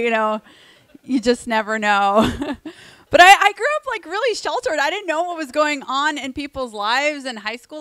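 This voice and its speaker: A woman doing a stand-up comedy set on a club stage, chatty, with lots of "like" and deadpan punchlines. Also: fairly high pitch. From Alabama, USA. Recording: echoey club room. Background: audience laughter.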